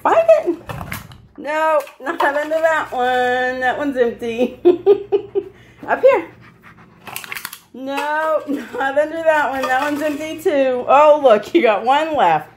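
Speaking slowly in a high voice, a channel host playfully encourages her dog and gives it commands during a game at a table in her home. A little hiss or hum runs under the recording.

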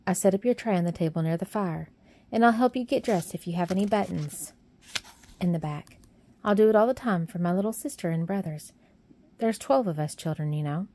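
A woman's voice: fairly low pitch, a little fast, mellow. A woman voicing a cheerful, plump young Yorkshire housemaid who talks in a friendly, plain-spoken way. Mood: gentle.

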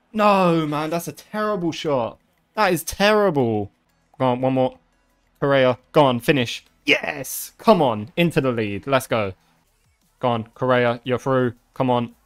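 Excitable man commentating gameplay. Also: mid-range voice. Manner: excitable, swears often, shouts at big moments. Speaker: gaming video creator.

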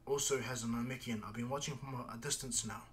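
A man voicing a big, gruff male warrior in a casual fan story retelling, speaking low and matter-of-factly. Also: steady tone, fast talker, a bit bright, faint music behind, natural voice.

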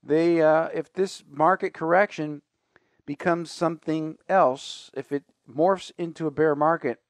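Male radio host, slightly high voice, dry studio sound, chatty finance talk with asides. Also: fairly even intonation, a little slow, no room sound. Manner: chatty, conversational, with fillers and asides.

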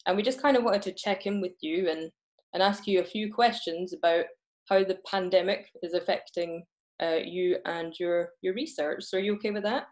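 A woman's voice: on the low side, normal speed, darkish tone. A woman with a Scottish accent hosting an online talk session over a video call, earnest, with small restarts when she speaks freely. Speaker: host.

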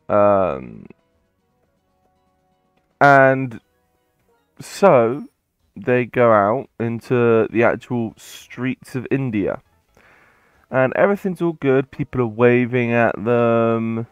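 Slow, rambling man telling a story. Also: mid-range voice, clean tone, dry recording, highs cut off, soft background music. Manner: rambling, hesitant, many fillers. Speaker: let's play host. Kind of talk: game commentary with storytelling.

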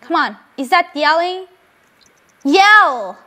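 Let's-play host: young woman, Portuguese accent, high voice, unhurried, chatty and easily excited. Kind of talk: casual gameplay commentary.

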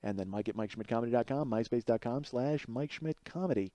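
A man in his forties talks solo on his podcast in a loose, rambling way, full of fillers and asides. His voice sits at an average pitch and then jumps up high and loud whenever a story gets him worked up. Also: a little fast, no room sound. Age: 40s. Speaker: podcast host. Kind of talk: casual comedic monologue.

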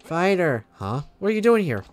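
A man voicing a group of excited young kids in a high, squeaky put-on voice, calling out eagerly while reading game dialogue. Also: normal speed, smooth, faint music behind. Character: excited young kids cheering on their hero.

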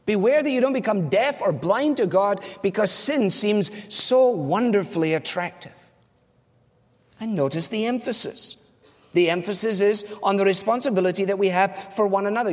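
High-voiced man preaching in a reverberant hall. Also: moderate pace. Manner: earnest preaching with rhetorical questions. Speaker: pastor. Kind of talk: sermon.

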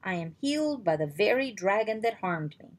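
A woman's voice: mid-range voice, very animated, normal speed. A woman reading aloud, voicing a stern king who gives firm orders to a crowd in a storybook. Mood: commanding. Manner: firm, commanding proclamation. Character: stern older male king addressing his people.

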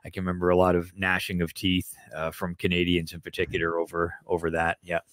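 A man with a raspy voice, a veteran hockey broadcaster, recalling games in a measured, thoughtful way. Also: low-pitched, monotone, a bit bright, dry recording, clean studio sound. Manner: measured, thoughtful storytelling with fillers. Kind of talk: casual interview talk.

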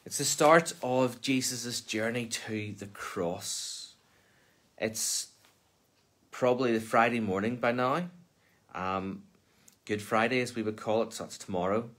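A minister reading a Bible passage aloud for Lent, then explaining it in plain, conversational talk. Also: male voice, medium pitch, measured pace, fairly bright tone.

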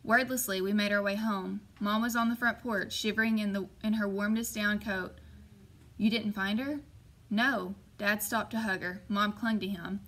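A woman narrating a first-person novel as an audiobook, steady and measured. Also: mid-range voice, low-quality recording.

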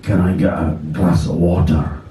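A man's voice: sits low, flat delivery, moderate pace, warm tone, voice pushed down, natural voice. A man voicing a shaken schoolteacher who talks in a weak, subdued way. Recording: echoey live venue, distant mic.

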